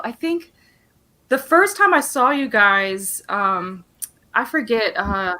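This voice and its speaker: A woman's voice: mid-range voice, animated, slow pace, bright, forceful tone. A young adult woman guest on a video call, speaking casually with many fillers and frequent laughs. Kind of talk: casual interview talk.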